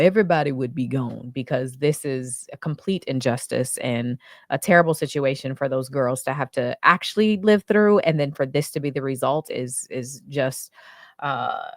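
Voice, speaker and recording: A woman's voice: very deep voice, no room sound, clean studio sound. A woman hosting a casual podcast, talking through a legal case in impassioned, indignant bursts. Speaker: podcast host.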